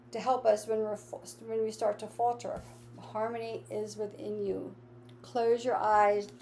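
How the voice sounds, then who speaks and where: A woman's voice: medium pitch, creaky, dark tone, a little hiss or hum. Enthusiastic woman reading tarot cards. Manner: enthusiastic, repetitive, affirming. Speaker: astrology and tarot reader. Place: home with lawnmowers outside.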